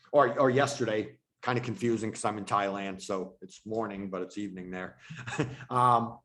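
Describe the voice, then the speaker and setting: A man who leads a real estate team, teaching agents on a video call in a casual way and repeating himself for emphasis. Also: on the high side. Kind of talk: online training presentation.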